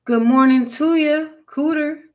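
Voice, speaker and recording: A woman's voice: on the high side, expressive, slow pace, pitched above the performer's own voice. A woman reading a folktale aloud and voicing an earnest, eager enslaved man who talks too much.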